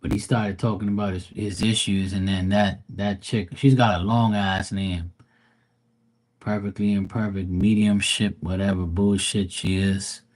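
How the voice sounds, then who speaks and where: A man talks in a low voice. He rants profanely, mocking people and slipping into put-on voices to quote them. His delivery is a loose, drawling, exasperated chat. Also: level tone, a little slow, darkish tone. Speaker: viewer chatting on a live tarot stream. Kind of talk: casual ranting chat.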